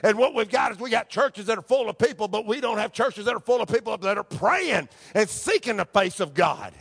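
A man preaching a sermon as pastor, quoting scripture and building to loud, raspy shouts. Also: high voice, animated, fairly quick, long reverb tail. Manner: preaching with rising shouts and Bible quotes.

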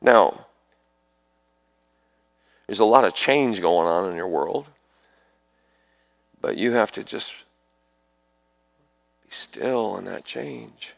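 A man's voice: on the low side, animated, slow pace, creaky, pauses often, no echo. A man preaching at an altar call, calling people forward and praying over them in sudden fervent bursts. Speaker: preacher leading prayer ministry.

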